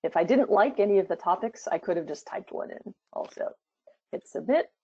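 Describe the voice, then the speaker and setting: During a live product demo, a woman chats her way through it, filling pauses as she thinks aloud. She speaks a little fast, with lively intonation and a darkish tone. The audio has no echo but sounds dull and low-fidelity.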